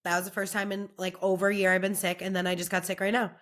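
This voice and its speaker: Young woman cohost rambling through stories, mid pitch, kinda worn out voice. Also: level tone, fast talker, fairly bright tone. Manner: chatty, storytelling, says like a lot. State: lost her voice from not sleeping. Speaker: podcast co-host. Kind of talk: casual chat.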